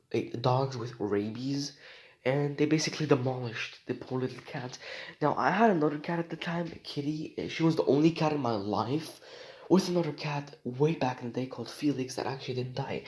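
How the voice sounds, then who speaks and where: A man's voice: medium pitch, a little mellow, rough recording. Guy vlogging outside, rambly, lots of ums and likes, keeps repeating stuff. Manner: meandering, repeats himself, many fillers. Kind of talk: rambling personal vlog.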